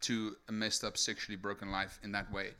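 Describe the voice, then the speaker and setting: Young man from South Africa, testimony sermon, bright forceful voice, keeps checking in with the crowd. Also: fairly low pitch, brisk, smooth. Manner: energetic storytelling with many rhetorical "right?" tags. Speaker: speaker giving testimony. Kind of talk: sermon testimony to a live audience.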